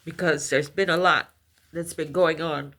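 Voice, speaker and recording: A middle-aged woman vlogger telling a personal story slowly and with heartfelt intensity. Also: deep voice, steady tone, a bit bright. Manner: slow, heartfelt, intense retelling.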